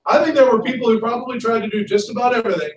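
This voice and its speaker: A male history teacher lecturing a class in a lively, conversational way and asking students questions. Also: very high-pitched, racing, a little hiss or hum. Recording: echoey classroom from far off.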